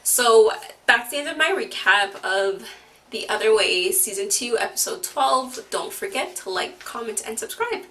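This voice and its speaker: Bright-voiced chatty woman recapping a show. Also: on the high side, expressive, moderate pace, far from the mic, slight background noise. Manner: chatty, opinionated, lots of "like" fillers. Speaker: TV recap vlogger. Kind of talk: casual TV recap chat.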